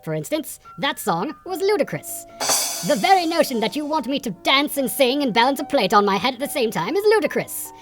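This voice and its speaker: A man voicing a pompous puppet word expert who hosts a comedy segment, sarcastic and quick to indignant rants. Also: very high-pitched, big pitch swings, fairly bright tone, soft background music, full character voice. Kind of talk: sketch comedy monologue.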